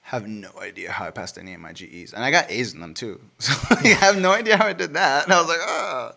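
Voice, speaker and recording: Man, software developer type, bright tone, rambling casual talk with profanity. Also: mid-range voice, big pitch swings, fast, creaky. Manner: loose and profane, laughs often, many fillers. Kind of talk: casual podcast chat.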